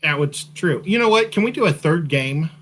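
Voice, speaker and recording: Male co-host, chatty and joking, slightly sleepy; lively, bright delivery. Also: on the high side, moderate pace. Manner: playful, chatty, joking asides. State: sleepy, yawning. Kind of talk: casual chat.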